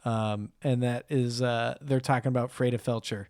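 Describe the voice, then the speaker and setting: A man's voice: mid-range voice, steady tone, moderate pace, a little mellow, dry recording, clean studio sound. A man co-hosting a podcast, chatting casually about favorite movie lines and laughing along. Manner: upbeat, laughs at his own quotes. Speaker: podcast co-host. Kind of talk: casual film chat.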